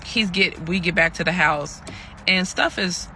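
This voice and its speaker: A man's voice: high voice, unhurried, bright, forceful tone, a little hiss or hum, exaggerated voice. A man telling a pregnant young woman's story in her voice, chatty and calling listeners y'all as he acts out the quoted lines. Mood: weary, aggrieved. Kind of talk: storytelling monologue.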